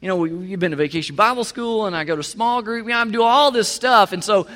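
A man's voice: sits high, fast, a bit bright. A man preaching a sermon as pastor, talking in a conversational way, repeating words and acting out quotes. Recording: reverberant hall.

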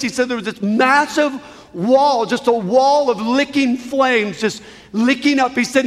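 A male preacher with a high voice delivers a sermon as a gripping story. He swings from quiet, heavy passages to loud, pleading peaks. His voice rings with the long reverb of a large hall. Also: expressive, moderate pace. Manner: emotional, swells from hushed to near-shouting.

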